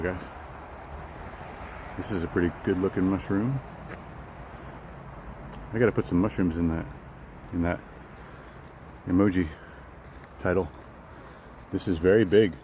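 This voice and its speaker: A man's voice: lowish voice, a little hiss or hum, rough recording. A man casually chatting with live viewers while walking outdoors in the woods, rambling and repeating himself. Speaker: vlogger hosting a live walk.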